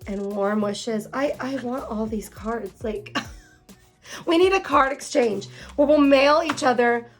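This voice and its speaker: A young woman chatting casually as she unboxes planner supplies, gushing and excitable, with lots of fillers and exclamations. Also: fairly high pitch, takes it slowly, soft background music.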